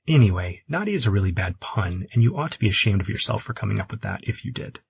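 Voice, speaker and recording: A man voicing a skeptical, quick-witted young man who teases in a lifted, bantering voice. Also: fairly low pitch, lively intonation, gravelly, slightly rough, exaggerated voice. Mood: teasing.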